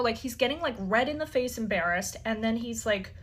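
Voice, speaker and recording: A woman's voice: on the high side, animated, brisk, few pauses, husky. A woman telling a personal story casually, full of "like" fillers and freely swearing. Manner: chatty, heavy use of "like" fillers, swears freely. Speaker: interview guest.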